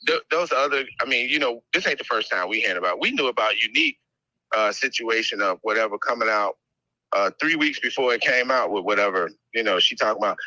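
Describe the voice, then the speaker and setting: A man speaking on a recorded call, rambling and halting, trailing off and restarting. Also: medium pitch, sing-song, sharp tone, no room sound, poor audio.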